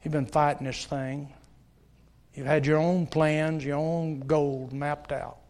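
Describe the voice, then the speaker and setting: A middle-aged male preacher with a notably high voice delivers a sermon in church. He talks in an earnest, pleading way, telling stories and urging his listeners directly. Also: flat delivery, takes it slowly, a little mellow. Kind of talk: sermon with altar call. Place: church service.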